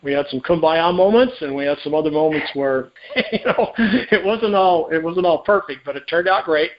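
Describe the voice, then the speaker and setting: Male guest, private investigator type, raised pitch, chatty storyteller, muffled lo-fi sound. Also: normal speed. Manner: animated, acts out quoted dialogue, many restarts. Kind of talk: conversational storytelling interview. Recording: dull lo-fi audio.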